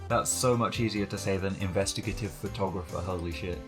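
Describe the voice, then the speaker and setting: A man's voice: low voice, fairly quick. A man streaming a game, making wry, offhand asides in casual commentary over game music.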